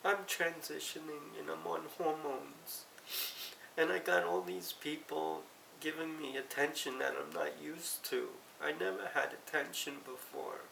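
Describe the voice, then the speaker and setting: Middle-aged woman, slow and halting emotional confession on the verge of tears; distant mic in an echoey room. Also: low-pitched, vocal fry, fairly bright tone. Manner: halting, tearful, self-correcting. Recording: roomy, distant mic, faint hiss.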